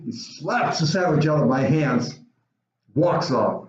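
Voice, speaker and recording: Animated male storyteller, slightly high voice. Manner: animated, with dramatic pauses. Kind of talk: personal storytelling. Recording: roomy, dull lo-fi recording.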